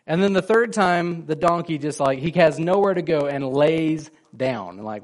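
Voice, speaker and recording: A man's voice: on the high side, expressive, normal speed, few pauses. A man preaching a sermon in a conversational way, asking his listeners questions and acting out the lines of the people in his story. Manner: conversational, asks the congregation questions, acts out quoted lines. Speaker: pastor.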